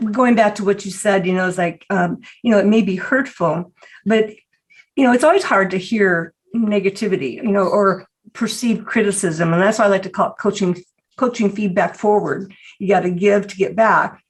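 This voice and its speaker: A woman's voice: medium pitch, poor audio. A woman hosting a podcast interview, talking in a reflective, conversational way with many filler phrases. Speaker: podcast host and conflict coach.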